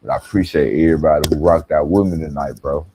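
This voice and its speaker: A man hosting a live reaction stream, talking to viewers in relaxed slang. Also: extremely low pitch, fast, a little hiss or hum. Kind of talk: casual live-stream talk.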